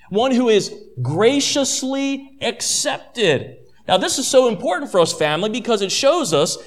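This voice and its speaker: A man preaching a sermon, emphatic, repeating his key points and calling his listeners friend and family. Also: sits high.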